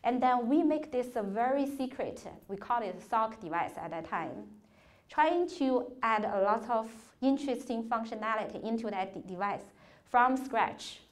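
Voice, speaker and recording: In a lecture hall, a woman gives a workshop talk to students as a conference speaker, earnestly telling career stories with non-native phrasing and a few restarts. Her voice is fairly high and expressive, at a moderate pace.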